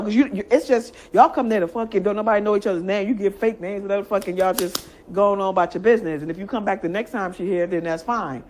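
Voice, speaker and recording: A woman's voice: mid-range voice, darkish tone. A woman from Michigan with a Michigan accent, a guest talking candidly in a blunt, profane way and laughing often. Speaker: interview guest. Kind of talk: candid casual chat.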